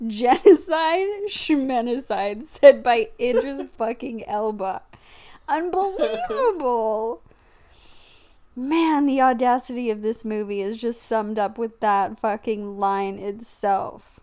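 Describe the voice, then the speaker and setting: A woman's voice: a little high, little pitch movement, a little slow, warm tone, clear, resonant tone. Laughing, swearing woman in casual chat. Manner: profane, laughing, exclaiming.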